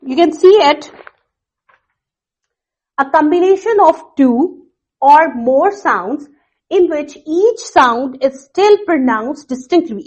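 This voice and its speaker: A woman teacher walks students through phonics in a recorded lesson. Her voice sits high, and she speaks slowly. She repeats each point and often pauses on fillers. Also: poor audio. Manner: slow, repetitive explaining with fillers.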